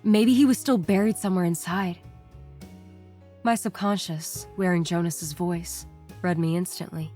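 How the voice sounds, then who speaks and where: A woman with a somewhat low voice reads horror stories aloud in a tense, scripted storytelling style. Faint music plays softly behind her. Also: steady tone, measured pace.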